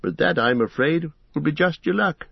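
A narrator puts on a chatty old hobbit, his voice lifted above his own and full of bright, fussing cheer. The reading is slow, dry and close, with a husky edge on a dull lo-fi recording. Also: fairly high pitch, animated, no room sound, voice pushed up, full character voice. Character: elderly male hobbit, chatty and fussy.

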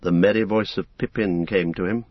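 A man giving a steady, scripted audiobook narration as the storyteller. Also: deep voice, moderate pace, dry recording. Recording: dull, dry recording.

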